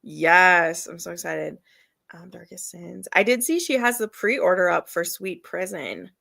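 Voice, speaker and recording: Woman, live-stream book host, casual chat, lowish voice, dry close sound. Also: a little slow, vocal fry, sharp tone, no echo. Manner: chatty, gushing about books, laughs often. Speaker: readathon host.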